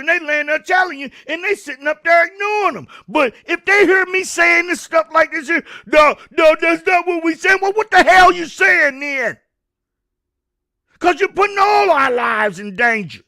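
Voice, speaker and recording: A fiery man delivers an opinion rant. His voice sits very high and sounds bright and sharp. He stammers, repeats himself and preaches at the listener. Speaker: host of a commentary show.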